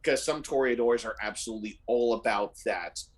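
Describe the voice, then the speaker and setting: A man narrating as game master of a tabletop role-playing game, relaxed and descriptive. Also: mid-range voice, a little fast. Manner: descriptive, relaxed, uses fillers.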